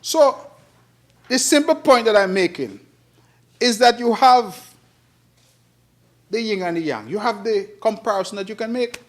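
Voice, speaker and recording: High-voiced Nevisian man making a speech. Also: animated, unhurried, pauses often. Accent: Kittitian-Nevisian. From Saint Kitts and Nevis. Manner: emphatic, repetitive oratory with rising and falling delivery. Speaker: politician addressing parliament. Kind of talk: parliamentary speech. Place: parliament chamber.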